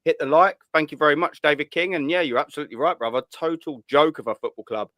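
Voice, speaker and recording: Blunt, swearing host. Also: male voice, a little high, fast talker, fairly bright tone, no echo, studio quality. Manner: blunt, swearing, laddish banter. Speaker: host of a call-in show. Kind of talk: casual live stream chat.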